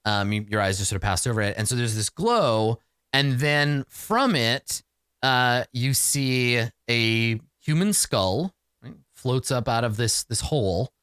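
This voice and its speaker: Game master, male, casual, lively pitch, dry close sound. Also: measured pace, clean tone, no echo. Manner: rambling, many fillers and restarts. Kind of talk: narrating a tabletop game.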